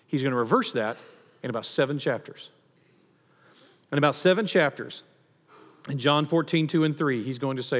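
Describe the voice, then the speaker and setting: A pastor giving a sermon in a conversational, animated storytelling manner with touches of humor. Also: male voice, mid-range voice, a little fast, long reverb tail.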